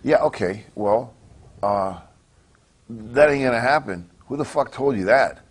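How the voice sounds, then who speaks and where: A man's voice: medium pitch, measured pace. A man from Canada, a wrestler guest, talking bluntly in a casual interview, swearing constantly and often restarting his sentences. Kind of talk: casual profane interview talk.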